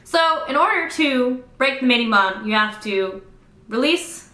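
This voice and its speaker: Bright sarcastic young woman ranting about a book, swears a lot, echoey room. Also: high-pitched, expressive. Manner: sarcastic, fast-talking, swears freely. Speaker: book reviewer. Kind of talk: casual book recap. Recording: roomy echo.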